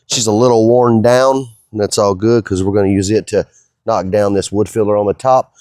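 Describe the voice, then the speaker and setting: Here the owner of a fabrication shop, a middle-aged man, talks easygoingly at normal speed, rambling in a folksy way on the job. His lowish, mellow voice keeps a fairly even intonation, recorded clean in a studio with no echo.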